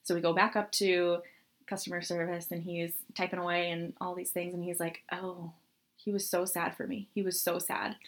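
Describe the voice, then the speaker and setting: A woman's voice: lowish voice, flat delivery, normal speed. Chatty young woman telling a story. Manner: chatty storyteller, laughs often, acts out quotes. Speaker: podcast co-host. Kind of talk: casual chat.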